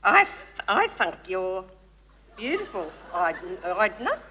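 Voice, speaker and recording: A woman's voice: mid-range voice, big pitch swings, slow, pushed and bright, slight background noise, full character voice. A woman reading a shy bridesmaid. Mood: hesitant. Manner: hesitant amateur line reading. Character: bridesmaid, woman, New Zealander. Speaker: audience volunteer.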